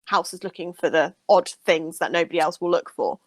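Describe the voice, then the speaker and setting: Chatty nurse co-host, eager and rambling, recorded dry. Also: female voice, lowish voice, steady tone, a little fast, no room sound. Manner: enthusiastic, rambling. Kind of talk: casual chat.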